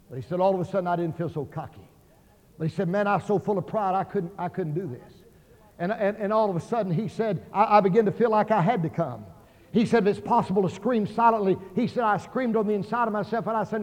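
A man preaching a revival sermon as an evangelist in a large auditorium, impassioned, acting out the voices in his stories and rising to near shouts. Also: sits high, quick pace. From Oklahoma. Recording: dull sound in a hall with long reverb.

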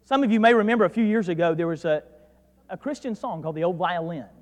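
A man with a North Georgia accent preaching a sermon as pastor, dropping to quiet asides and then rising to loud, emphatic declarations. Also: high-pitched, quick pace. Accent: North Georgia Southern US. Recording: preached in a reverberant hall.

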